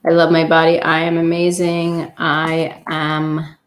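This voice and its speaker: A woman hosting a self-love affirmation session, talking gently and unhurriedly with many pauses and ums. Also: low-pitched, completely flat delivery. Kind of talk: guided affirmations and meditation talk. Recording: roomy echo.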